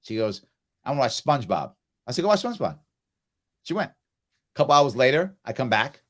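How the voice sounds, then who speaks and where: A middle-aged man hosting a casual chat, telling parenting stories and acting out quoted lines with loud, animated swings. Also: medium pitch, brisk. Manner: animated storyteller, acts out quoted lines loudly. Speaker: host.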